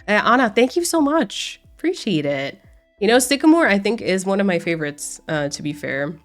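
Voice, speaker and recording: A woman streamer sounding stuffed-up and nasal from a cold as she chats casually with viewers. She rambles, restarting her sentences as she goes, her pitch sitting in an ordinary middle range. Soft music plays faintly behind her. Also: big pitch swings, moderate pace. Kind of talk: casual livestream chat with viewers. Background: faint background music.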